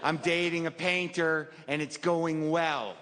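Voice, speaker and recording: Male stand-up comic, fairly high voice, wry and rambling, recorded live in an echoey club with audience noise. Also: steady tone. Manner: wry, rambling, halting asides. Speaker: stand-up comedian. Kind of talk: stand-up routine. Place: comedy club stage.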